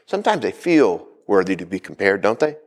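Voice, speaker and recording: Lively, animated male pastor preaching. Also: lowish voice, fairly quick. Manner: animated preaching, asks the congregation for responses. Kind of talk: sermon.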